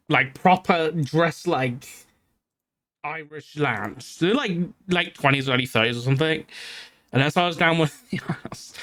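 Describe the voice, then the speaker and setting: A man with a fairly high voice, chatting casually to his stream audience. He tells his story in an animated way, swears freely and laughs through the funny parts.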